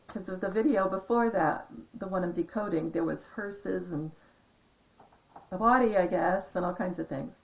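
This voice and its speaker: Slow gravelly-voiced woman rambling. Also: on the low side, low-quality recording. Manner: meandering, hesitant, trails off into asides. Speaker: conspiracy decoding vlogger. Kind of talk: rambling casual monologue.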